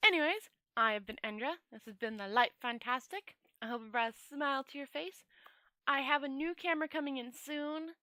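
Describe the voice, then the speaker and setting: A woman host reading a novel aloud to her viewers in a chatty, relaxed way, stumbling and rereading words now and then. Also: sits high, a little fast, no echo. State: dry throat. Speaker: storyteller host. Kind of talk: reading a novel aloud, casual sign-off chat.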